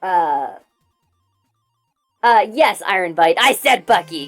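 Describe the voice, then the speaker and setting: A young adult woman streaming, chatting casually and rambling excitedly through trivia with quick restarts. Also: fairly low pitch, soft background music.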